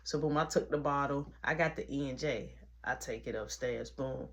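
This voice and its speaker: A woman's voice: a bass voice, moderate pace. A woman telling a casual story in slangy talk, acting out the people in it. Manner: animated, slangy, acts out every voice.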